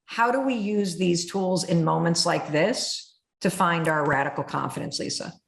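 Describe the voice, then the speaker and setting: A woman podcast host speaking candidly, an animated storyteller who acts out her own inner voice. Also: fairly low pitch, moderate pace, creaky, echoey room. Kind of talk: candid conversation.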